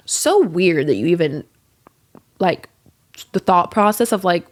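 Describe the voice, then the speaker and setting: A young woman with a fairly low, expressive voice hosts a podcast, speaking a little slowly. In casual chat she tells a candid, rambling story packed with swearing and fillers.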